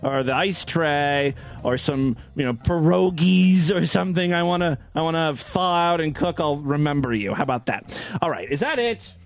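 A man's voice: a little high, lively intonation, moderate pace, faint music behind. A man hosting a comedy podcast, sarcastic and profane, with a lot of filler. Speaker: podcast host. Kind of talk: crude comedic commentary.

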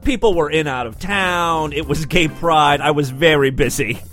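A man hosting his own comedy podcast, rambling and sarcastic, with loud bursts and mumbled asides. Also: fairly high pitch, moderate pace, faint music behind. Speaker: podcast host. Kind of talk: comedic monologue.

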